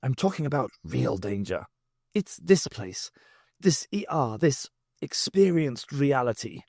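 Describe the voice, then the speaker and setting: Impatient, grave alien scientist, lecturing with lively pitch, read by a man. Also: a little slow, vocal fry, no room sound, clean studio sound, exaggerated voice. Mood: urgent lecturing. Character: impatient, grave, ancient male time traveller.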